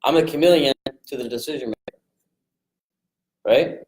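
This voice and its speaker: Guy coaching a sales crowd, hyped up, does little voices for the calls, echoey room. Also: mid-range voice. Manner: energetic, acts out calls in quick voices. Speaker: real estate investing coach. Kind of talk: casual coaching talk to a group.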